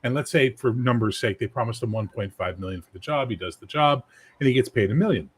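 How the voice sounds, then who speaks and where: A man's voice: mid-range voice, quick pace, breathy edge. A man in casual chat, blunt and profane, telling stories and acting out quotes.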